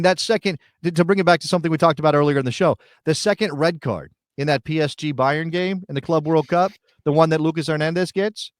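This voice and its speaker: A man co-hosting a sports talk show who lays out his arguments deliberately and analytically. He speaks into a studio mic with a dry, close sound. His voice is a little high for a man. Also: dry recording. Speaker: podcast co-host.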